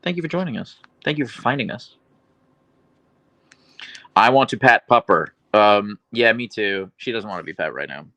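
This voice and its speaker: A man's voice: on the low side, lively intonation, normal speed, pauses often, bright, forceful tone, no echo, poor audio. A man hosting a casual livestream, chatting easily as he reads out and answers viewer comments about his dogs. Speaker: livestream host and dog owner.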